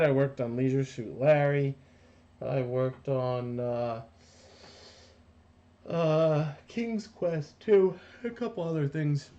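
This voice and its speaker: On dull audio, a medium-pitched, slightly mellow male voice comes from a middle-aged New Jersey animator casually live streaming while he works. He reads chat aloud, rambles, and often stops mid-thought.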